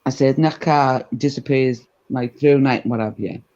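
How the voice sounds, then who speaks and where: A woman telling a gossipy anecdote in a casual chat, animated and full of asides. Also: very deep voice, moderate pace. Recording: dull lo-fi recording.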